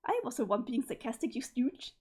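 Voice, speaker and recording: A smug, scheming young female troll, voiced by a woman. She teases and mocks sarcastically in a slightly raised, husky voice. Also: fairly high pitch, expressive, brisk, dark tone.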